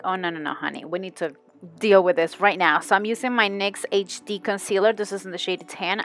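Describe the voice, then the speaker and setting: Chatty woman narrating a makeup tutorial. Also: mid-range voice. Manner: chatty, talks to herself while working. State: tired from filming after midnight. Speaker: beauty vlogger.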